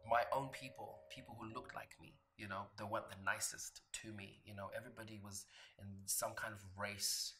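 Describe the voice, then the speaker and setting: A man from Africa reflects on his childhood in an interview. His voice is fairly low with a bright tone, and he often says "you know". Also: level tone, a little fast, faint music behind. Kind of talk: interview recollection.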